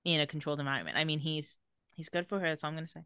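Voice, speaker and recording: Bright animated woman podcast host. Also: deep voice, clean tone, no room sound, clean studio sound. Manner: animated, laughs often, quotes characters in quick voices. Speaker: podcast co-host recapping a TV episode. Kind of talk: casual chat, retelling scenes.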